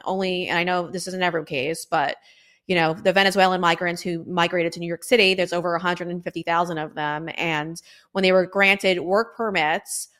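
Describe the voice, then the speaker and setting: Fairly low in pitch but fairly bright in tone, this talk show host offers opinionated political commentary. She speaks emphatically and conversationally, using many fillers.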